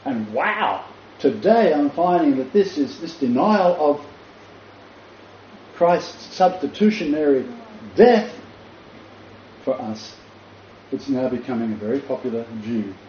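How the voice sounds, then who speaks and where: An older man who works in Christian ministry delivers a casual but emphatic teaching talk, repeating key phrases and tripping over fillers. His voice is medium-pitched, a little mellow and sing-song, moving slowly with frequent pauses. The recording sounds roomy and lo-fi, with faint noise.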